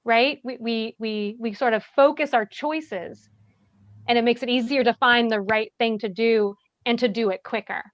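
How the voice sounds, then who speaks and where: A woman calmly explaining how to handle tense situations, often checking in with "right?". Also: fairly high pitch, normal speed, no echo. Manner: calm, explanatory, many "right?" tags. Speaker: bystander intervention trainer. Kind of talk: workshop discussion, answering questions. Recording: dry, dull lo-fi sound.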